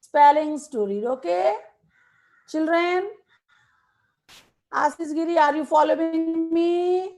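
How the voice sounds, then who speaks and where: A woman with a Nepali accent teaching young children in an online class over a video call, slowly dictating words one by one and repeating them. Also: very high-pitched, a little mellow. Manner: slow, repetitive dictation to students.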